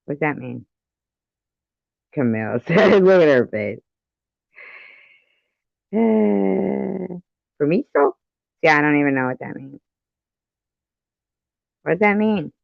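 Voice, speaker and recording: A woman's voice: deep voice, expressive, a little slow, creaky, long pauses, dry recording, highs cut off. A woman hosting a casual live stream, rambling with silly sing-song asides and frequent laughter.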